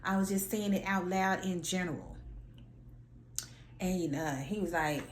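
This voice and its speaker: Woman, sassy storyteller, low voice, echoey room, faint hiss. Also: unhurried. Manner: sassy, animated, slangy, acts out her own lines. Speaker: vlogger. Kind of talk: casual storytelling rant.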